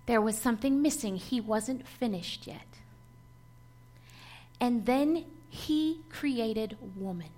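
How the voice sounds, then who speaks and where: A woman's voice: on the high side, darkish tone. A woman preaching a sermon to a congregation, emphatic and rhythmic, building points through lists and repetition.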